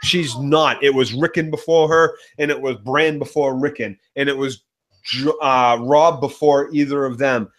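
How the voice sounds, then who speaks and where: A man with a Boston accent, co-hosting a fan show and ranting loudly with heavy profanity. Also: mid-range voice, fairly even intonation, moderate pace. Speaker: co-host.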